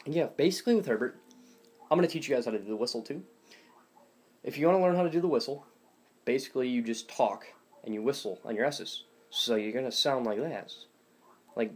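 A young man teaches voice impressions in a casual, rambling video, full of fillers and self-deprecating asides. His voice is mid-range and darkish with a breathy edge, captured on a phone or webcam.

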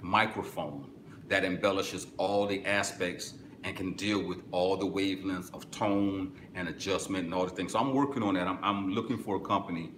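A man hosting a live music-business webinar, reading chat and answering casually, with sudden excited bursts between relaxed stretches. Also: normal speed. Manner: excitable bursts, then drops low and relaxed. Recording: echoey room, faint background noise.

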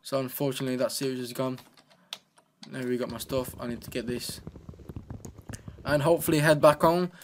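Male let's play gamer, mid pitch, rambling playful commentary, faint keyboard noise. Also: fairly even intonation, a little fast, long pauses. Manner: rambling, playful, talks to himself. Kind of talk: casual gameplay commentary.

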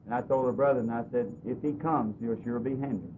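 A man preaching in a church, telling a personal story earnestly, his voice swinging between loud and soft. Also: brisk. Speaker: pastor. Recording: dull lo-fi recording with faint hiss and rumble.

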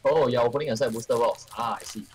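A man's voice: medium pitch, quick pace, a little mellow, faint music behind, low-quality recording. A man joining a stream to chat curiously and casually with the host. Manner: curious, chatty.

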